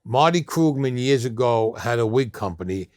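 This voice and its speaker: Blunt older New York storyteller. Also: male voice, mid-range voice, animated, moderate pace, a little mellow, dry recording. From Brooklyn, New York. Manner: blunt, streetwise storyteller who acts out quoted people. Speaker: interview guest. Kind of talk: storytelling interview.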